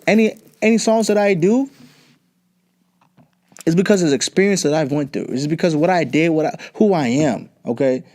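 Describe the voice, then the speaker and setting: A man's voice: fairly high pitch, normal speed, darkish tone. A young man hosting a podcast, ranting bluntly and profanely in casual talk. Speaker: podcast host. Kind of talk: casual political rant.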